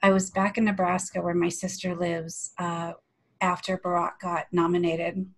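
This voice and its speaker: A woman's voice: on the low side, normal speed, low-quality recording. Candid storytelling woman on a video call. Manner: candid, animated storyteller, swears casually. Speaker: panelist. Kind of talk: casual panel discussion.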